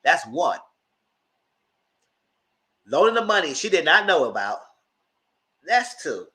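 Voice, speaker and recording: Man, casual TV recap chat, bright voice, very lively pitch. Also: takes it slowly. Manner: animated storytelling, acting out quotes with big pitch jumps. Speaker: TV recap commentator.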